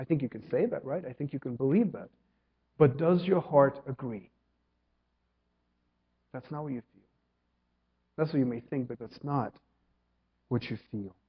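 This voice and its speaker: A man from Ukraine preaching a sermon, asking questions and swinging from loud to hushed. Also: on the high side. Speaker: pastor. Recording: dull sound with long hall reverb.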